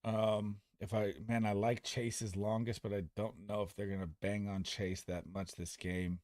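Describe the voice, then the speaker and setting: A young man streaming fantasy football advice in a casual, excitable, profane manner. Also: on the low side, no echo, clean studio sound. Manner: excitable, profane, talks fast and loose. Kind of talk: casual livestream chat.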